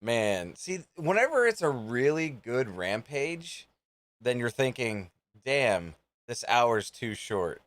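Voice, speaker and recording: A man hosts a live reaction show in an easygoing, rambling way, musing aloud between matches. His delivery is slow and unhurried, and his pitch swings up and down a lot. The sound is close and dry, with no room echo. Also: very animated, a bit bright. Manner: rambling, offhand, thinks aloud with fillers. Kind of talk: casual live reaction commentary.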